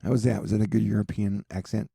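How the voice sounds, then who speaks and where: A man's voice: on the low side, level tone, fast, vocal fry, mellow, husky, no room sound, clean studio sound. A man hosting a weather and news video in casual, joking, rambling commentary full of asides.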